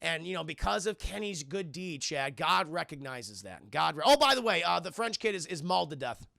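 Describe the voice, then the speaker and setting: A man's voice: a little high, sing-song, brisk, vocal fry, bright, forceful tone, no echo, studio quality. A man giving a casual, profanity-laden scene-by-scene film recap while talking to his live chat. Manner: keeps addressing his chat, heavy swearing. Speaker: film reviewer and livestreamer.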